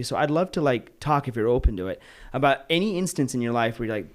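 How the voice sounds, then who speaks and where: A man's voice: mid-range voice, animated, quick pace. A man hosting a podcast, talking casually and eagerly affirming his guest. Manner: eager, affirming, says "dude" and "yeah". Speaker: podcast host. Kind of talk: casual interview talk.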